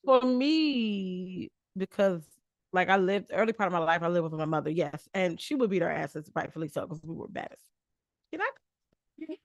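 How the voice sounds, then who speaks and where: A woman's voice: fairly low pitch, lively intonation, moderate pace, no room sound. A woman in a casual group conversation, blunt, opinionated and freely profane.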